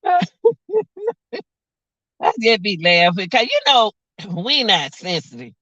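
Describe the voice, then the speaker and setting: Woman vlog host around forty, laughs a lot, lively swooping pitch, bright tone, muffled lo-fi phone sound. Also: slow pace, dry recording. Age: about 40. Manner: laughs often, chatty and joking. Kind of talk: casual livestream chat. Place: outdoors by a car on a cold windy day.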